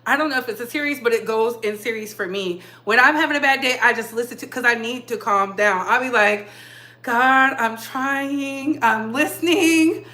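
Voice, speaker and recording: Bright, high-voiced woman live-streaming chat. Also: fast talker, few pauses. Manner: chatty, laughs often, greets chat viewers by name. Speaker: livestream host. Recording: echoey room.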